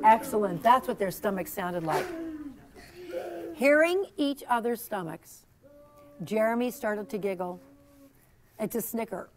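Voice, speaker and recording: A woman storyteller reading her picture book aloud to a classroom of children, expressive and coaxing them to join in. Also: mid-range voice, unhurried, long pauses. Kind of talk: interactive read-aloud for children.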